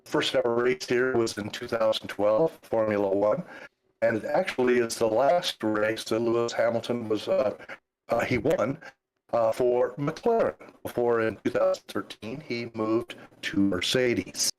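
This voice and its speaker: An older American man co-commentating a race over voice chat, relaxed and hesitant with fillers. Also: medium pitch, measured pace, poor audio. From United States. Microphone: remote voice chat mic.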